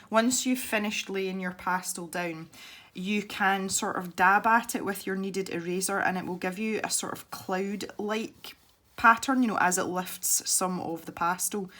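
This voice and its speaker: In a mid-range, slightly bright voice, a woman from Scotland rambles through a casual colouring tutorial for her channel. She laughs easily as she shows off an art technique.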